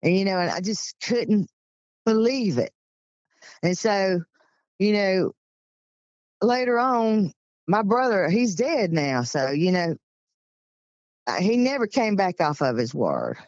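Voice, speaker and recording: A woman's voice: mid-range voice, big pitch swings, takes it slowly, long pauses, a little mellow, no room sound, muffled recording. A woman in her sixties with a Georgia accent, telling a story in a chatty, rambling, folksy way. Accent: Southern US, Georgia. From Georgia, USA. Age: 60s. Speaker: guest recounting encounters. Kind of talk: casual storytelling.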